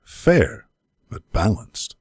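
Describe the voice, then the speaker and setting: A man's voice: drawn-out words, a little mellow, no room sound, studio quality. A man co-hosting a gaming podcast, talking in profane, rambling, jokey banter. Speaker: podcast co-host.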